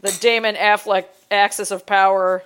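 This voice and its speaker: A woman's voice: mid-range voice, level tone, normal speed, fairly bright tone, clean tone. A young woman co-hosting a casual podcast chat, rambling with lots of fillers and restarts. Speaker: podcast co-host.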